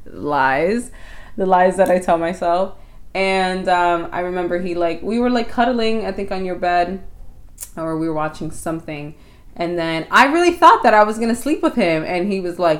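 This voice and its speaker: A woman's voice: fairly low pitch, normal speed. A young woman co-hosting a podcast, telling a personal story in casual chat and acting out her own quoted thoughts. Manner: animated, acts out quoted thoughts. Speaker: podcast co-host.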